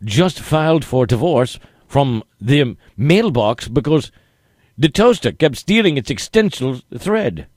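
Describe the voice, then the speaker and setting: A man doing a clumsy attempt at a London British accent, reading a nonsense sentence slowly for a comic radio bit. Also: medium pitch, big pitch swings, a little mellow, no room sound, studio quality. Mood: deadpan. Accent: attempted British, London area.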